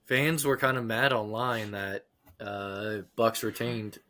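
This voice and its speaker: Bright-voiced man hosting a podcast. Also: fairly low pitch, slow. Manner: runs the rundown, steers the others. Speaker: podcast host leading the segments. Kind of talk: casual wrestling podcast chat.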